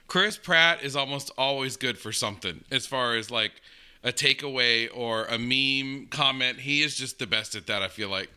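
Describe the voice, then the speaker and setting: An American man talks through his reactions in a very bright, clear voice. His chat is loose and rambling, full of fillers and small restarts. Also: medium pitch, moderate pace. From United States. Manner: chatty, rambling, with many fillers. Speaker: reaction video host. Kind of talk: casual commentary.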